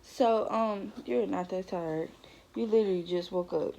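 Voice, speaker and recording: A woman's voice: mid-range voice, a little slow, gravelly, mellow, slight background noise. A young woman, telling her own story to the camera in a chatty vlog, with lots of fillers and asides to viewers. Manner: chatty, many fillers, talks straight to viewers. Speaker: vlogger.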